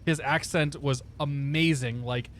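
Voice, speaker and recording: A man's voice: on the high side, steady tone, measured pace, fairly bright tone, a little hiss or hum. Chatty man streaming a flight sim. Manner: chatty, laughs often, talks through cockpit steps. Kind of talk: casual live-stream chat.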